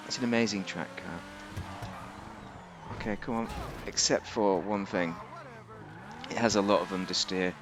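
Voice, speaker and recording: A man's voice: deep voice, moderate pace, long pauses, background noise. A man giving rambling, casual commentary on a game, thinking aloud with fillers and restarts. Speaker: game reviewer.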